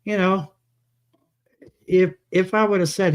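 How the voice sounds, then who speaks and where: Rambling man with a higher voice. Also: normal speed. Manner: rambling anecdotes, quoting himself. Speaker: co-host. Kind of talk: casual live chat.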